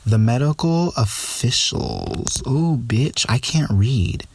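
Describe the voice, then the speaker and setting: A man's voice: mid-range voice, animated, takes it slowly, gravelly, few pauses, a little mellow, breathy edge. A young man hosting a casual solo podcast, talking in a sassy, gossipy way with lots of filler words. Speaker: podcast host.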